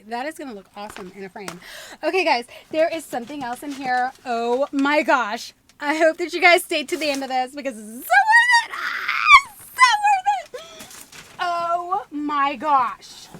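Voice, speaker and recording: A woman's voice: sits high, slight background noise. A woman, gushing and gasping as she unboxes gifts in her vlog. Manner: gushing, gasping, squealing with excitement. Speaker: vlogger.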